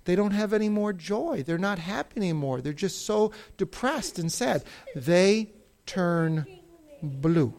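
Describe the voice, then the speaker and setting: An animated Bible teacher whose pitch leaps all over as they tell the stories. The delivery swings from loud outbursts to near-whispers, and the pitch sits in a middle range. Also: unhurried. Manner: expressive storyteller with big swings between loud and hushed. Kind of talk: animated Bible story lesson.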